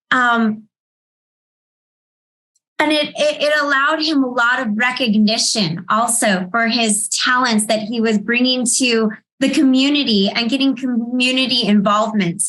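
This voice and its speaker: A woman in her thirties with a fairly high voice tells a personal story on a panel. She speaks in a heartfelt, halting way, pausing often on ums. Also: fairly bright tone, poor audio. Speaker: panel speaker, foundation founder.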